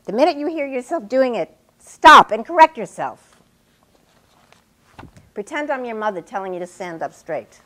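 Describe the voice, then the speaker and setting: A woman's voice: on the high side, animated, moderate pace, pauses often, bright, forceful tone. An actress playing an established woman writer who lectures her student with precise, pointed speech in a stage scene. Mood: insistent. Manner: lecturing, precise, wide-ranging inflection. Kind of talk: stage scene performed on a talk show.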